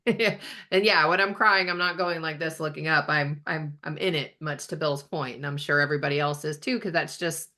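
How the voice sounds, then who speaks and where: A woman hosting an interview podcast, chatting casually and telling stories in an animated way. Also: deep voice. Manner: chatty, animated storytelling with acted-out quotes. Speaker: podcast host.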